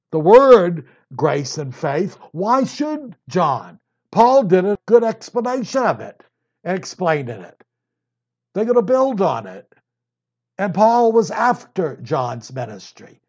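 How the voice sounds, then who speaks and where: A man's voice: on the high side, a little mellow, husky. A man preaching an emphatic Bible sermon, drawing out words for stress. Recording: dull lo-fi tape recording.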